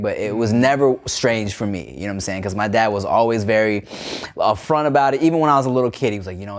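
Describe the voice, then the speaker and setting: A man hosting a podcast, chatting in a relaxed, easygoing way. His voice sits at an average pitch. He keeps dropping casual filler phrases into his sentences. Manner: laid-back, fillers like "you know what I'm saying". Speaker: podcast host.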